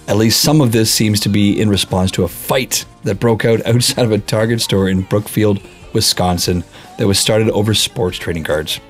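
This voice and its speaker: Chill podcast guy with a lowish voice reading out news bits, lots of uhs. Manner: easygoing, reads stories aloud with fillers. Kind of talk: casual chat and reading news.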